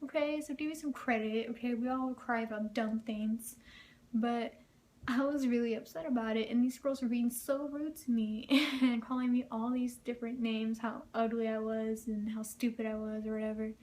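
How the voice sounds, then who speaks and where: A woman's voice: fairly high pitch, steady tone, moderate pace, a little mellow. A young woman vlogger telling personal stories in a casual, chatty way, full of fillers and frequent laughter. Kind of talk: casual storytelling vlog.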